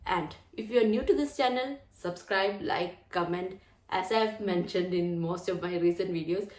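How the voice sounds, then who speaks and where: A woman's voice: fairly low pitch, moderate pace, darkish tone. A woman hosting her own channel, talking in an earnest, chatty way and often repeating phrases. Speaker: channel host. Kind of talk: casual chat to camera. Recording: roomy echo.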